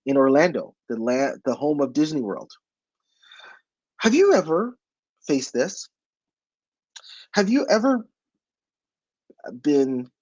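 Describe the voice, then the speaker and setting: A man's voice: mid-range voice, a little mellow, dry recording, dull audio. A man giving a motivational webinar talk as the presenter. He speaks emphatically and asks his audience many rhetorical questions.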